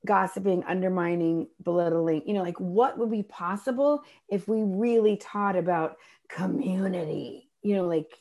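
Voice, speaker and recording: A middle-aged woman telling a personal story in a casual chat, animated and acting out the voices of people she quotes. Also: fairly low pitch, moderate pace, few pauses. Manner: animated, acts out voices in her stories. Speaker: guest.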